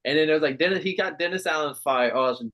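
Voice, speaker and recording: A man's voice: on the high side, quick pace. A man co-hosting a podcast, chatting casually about football, swearing and laughing as he talks. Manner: animated, swearing, laughing often. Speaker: podcast co-host. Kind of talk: casual sports chat.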